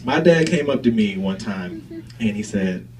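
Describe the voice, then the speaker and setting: Animated stand-up comedian, distant mic. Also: male voice, on the low side, a little slow, a little hiss or hum. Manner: animated storytelling, laughs at own jokes. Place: comedy stage before a live audience.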